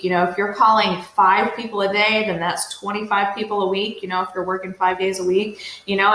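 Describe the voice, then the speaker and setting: A woman's voice: mid-range voice, a bit bright. A woman coaching real estate agents in a casual, upbeat, direct way, with lots of "you know"s. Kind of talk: casual motivational talk to agents. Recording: roomy echo.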